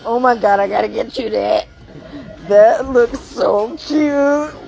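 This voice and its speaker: A woman, chatting excitedly in a casual vlog while walking through a large store, laughing often. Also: fairly high pitch, takes it slowly, vocal fry, poor audio. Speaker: vlogger. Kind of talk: casual shopping vlog chat.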